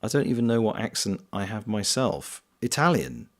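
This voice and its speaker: A man's voice: on the low side, animated, moderate pace, vocal fry. A man with a South Coast English accent, casually chatting with viewers and answering their messages during a gameplay stream. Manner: playful, reads and answers chat. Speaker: streamer and voice actor.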